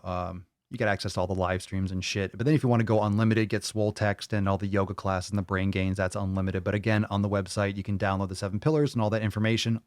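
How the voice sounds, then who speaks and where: Male podcast host, low-ish, rambling banter full of repeats, very dry booth sound. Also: dry recording. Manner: playful, crude, rambling with repeated phrases. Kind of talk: casual late-night podcast chat.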